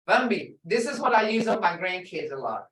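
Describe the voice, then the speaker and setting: A woman's voice: fairly low pitch, very animated, fairly quick, a bit bright, a little hiss or hum. An older woman teaching a language lesson, stretching out example words for emphasis. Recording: echoey room, voice far from mic.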